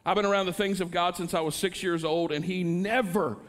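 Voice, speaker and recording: A man's voice: high-pitched, fairly even intonation, a little fast. A middle-aged male pastor preaching a sermon in an earnest manner, rising into impassioned pleas.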